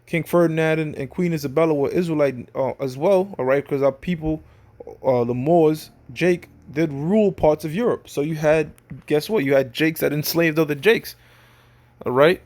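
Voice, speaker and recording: A man's voice: on the high side, moderate pace, a little mellow. A man teaching scripture in a loose, slangy, conversational way, often checking in with his listeners. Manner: slangy street talk. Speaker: religious teacher.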